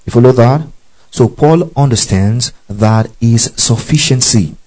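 Man teaching Bible study in a mellow voice. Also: mid-range voice, measured pace, low-quality recording. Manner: checks understanding with frequent "okay?" and "you see that?"; reads scripture aloud and spells Greek words.

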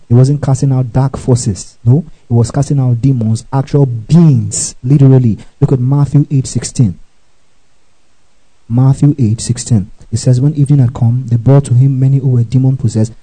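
A man's voice: mid-range voice, warm tone, low-quality recording. A man teaching from the Bible, repeating each verse reference, telling listeners to underline words and checking in with "okay?" and "right?".

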